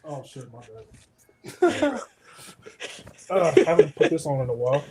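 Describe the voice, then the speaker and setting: A man's voice: a little high, sing-song, moderate pace, darkish tone, slight background noise. A man co-hosting a casual podcast, laid-back and swearing casually. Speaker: podcast co-host. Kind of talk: casual chat.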